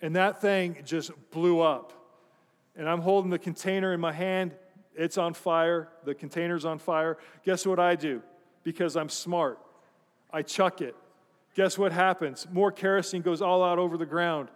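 Guy preaching a sermon, kinda high voice, funny storytelling, long hall reverb. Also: steady tone, measured pace. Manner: storytelling, self-deprecating, asks the congregation. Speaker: pastor.

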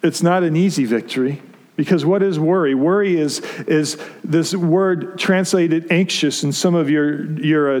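A man's voice: fairly high pitch, a little mellow, long reverb tail. A male pastor preaching a conversational sermon to his congregation, often restarting his phrases. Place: church sanctuary.

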